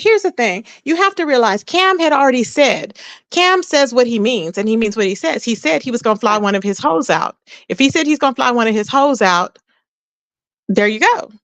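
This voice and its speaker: A woman chatting casually, retelling gossip in an animated way, acting out what others said and laughing often. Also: high-pitched, moderate pace, no room sound. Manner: animated storytelling, quotes people in raised voice, laughs often. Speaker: co-host.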